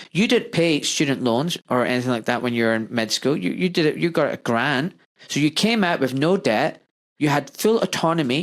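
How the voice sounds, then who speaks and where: Impassioned man ranting on a podcast. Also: on the high side. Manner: impassioned ranting, emphatic and repetitive. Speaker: podcast host and doctor. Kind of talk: podcast conversation.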